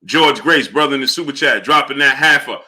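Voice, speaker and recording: A man hosting a live boxing stream, breaking down fights and greeting chat viewers, animated and repeating "right?" and "you understand?" between points. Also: a little fast, slightly rough. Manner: low mumbled shout-outs to viewers. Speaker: livestream host. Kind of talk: live boxing commentary and chat shout-outs.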